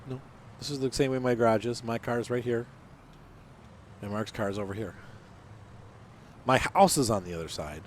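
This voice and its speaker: A man's voice: medium pitch, moderate pace, long pauses, slight background noise. A man hosting a farming game let's-play, talking casually and rambling as he plays, with some teasing banter. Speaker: gaming channel host.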